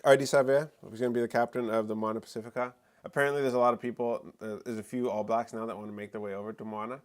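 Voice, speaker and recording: A man hosting a casual live stream who rambles and chats, restarting sentences and filling pauses with um and like. His voice sits at a middle pitch. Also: little pitch movement. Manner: chatty, rambling, with many fillers and restarts. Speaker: co-host of a live talk stream. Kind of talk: casual chat.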